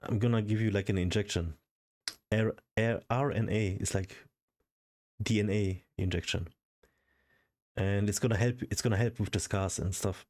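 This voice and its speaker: A man's voice: on the low side, fairly even intonation, moderate pace, pauses often, a little mellow, natural voice. A man retelling an offhand male doctor. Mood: breezy. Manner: brushing off questions.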